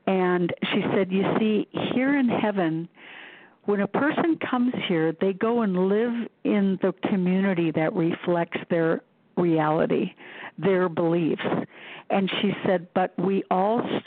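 Woman, fairly low voice, storytelling with quoted dialogue, thin phone line, dry sound. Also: no echo. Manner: recounts with quoted dialogue, frequent fillers. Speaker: psychic medium guest. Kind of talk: personal storytelling.

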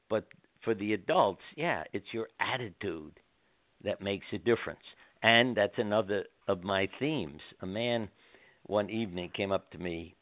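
An older man, a doctor and interview guest, telling gentle anecdotes and acting out the people he quotes. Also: fairly low pitch, no room sound. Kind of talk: storytelling interview. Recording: dry phone line.

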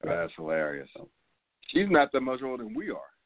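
A man's voice: medium pitch, sing-song, moderate pace, dry recording. A man in his fifties hosting a casual sports talk show, loose and rambling, full of fillers and laughs. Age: 50s. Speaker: podcast host. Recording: phone-like line, dry sound.

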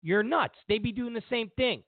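A man's voice: extremely high pitch, moderate pace, dry recording. A man hosting a political commentary show, mocking and sarcastic, repeating lines for emphasis. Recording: tinny phone-like sound.

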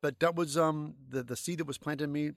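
A middle-aged man from St. Louis, a guest telling rambling, animated anecdotes full of fillers in a casual interview. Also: on the high side, brisk, dry recording, clean studio sound. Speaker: guest, creature effects artist.

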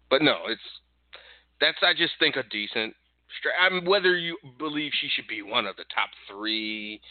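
A man co-hosting a casual wrestling podcast, blunt and quick to swear and laugh. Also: fairly low pitch, dry recording. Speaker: podcast co-host. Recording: tinny phone-like line.

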